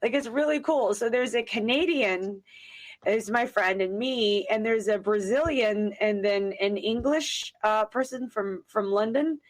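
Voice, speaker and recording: An American woman talks on a podcast in a fairly high voice. She chats loosely and laughs easily, often starting a sentence over before finishing it. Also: a little slow. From United States. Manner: chatty, laughing, trailing off into restarts. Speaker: podcast co-host. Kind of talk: casual chat.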